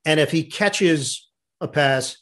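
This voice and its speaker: A man's voice: a little high, slow pace. A middle-aged man, a sports broadcaster, chatting casually and telling an anecdote, acting out the voices of the people in it. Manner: animated anecdote-teller who acts out quotes. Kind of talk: casual chat, storytelling.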